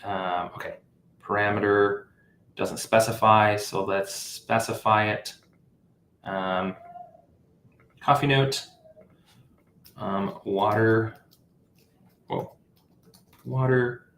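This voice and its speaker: A man's voice: fairly low pitch, fairly even intonation, slow, long pauses, a bit bright, roomy sound, slight background noise. A man hosting a live app-building stream, thinking aloud with fillers and self-corrections as he works. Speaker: livestream host building an app. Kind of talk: casual live coding walkthrough.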